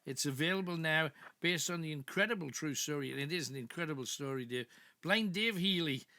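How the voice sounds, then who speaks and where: A man hosting a late-night radio show, interviewing a caller in a warm affirming way. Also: on the high side, a little fast, dry recording. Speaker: radio host. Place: radio studio.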